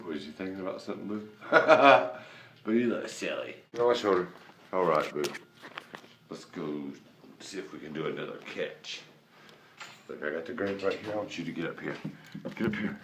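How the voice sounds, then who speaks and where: A man's voice: sits low, lively intonation, normal speed, pauses often, a bit bright. A man talking to his pet monkey in its room, coaxing and praising it with frequent chuckles. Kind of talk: casual talk to a pet. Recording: echoey room, faint noise.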